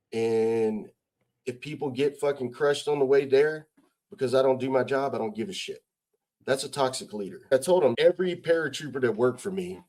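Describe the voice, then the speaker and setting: A man's voice: medium pitch, darkish tone. A middle-aged man from the United States, a retired army sergeant major, talking bluntly and with heavy swearing as a guest in a casual interview, pressing his points with rhetorical questions. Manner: blunt and heavily profane.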